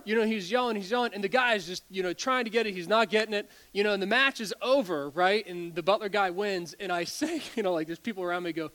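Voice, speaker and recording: A man's voice: high voice, quick pace, few pauses, a bit bright. A man in his forties preaching a sermon as a pastor, telling stories animatedly, often stumbling over and repeating words and laughing.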